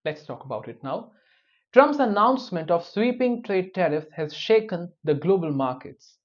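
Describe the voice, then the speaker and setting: A man hosting a live news commentary show, reading headlines and adding wry personal asides. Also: high-pitched. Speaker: host. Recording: dull lo-fi audio.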